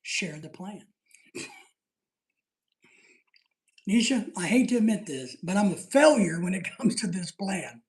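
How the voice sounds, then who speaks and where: A man's voice: high-pitched, animated, a little slow, pauses often. Rambling middle-aged man in a roomy echo. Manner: rambling, joking, laughs often. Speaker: live stream host. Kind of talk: casual chat reading out live chat.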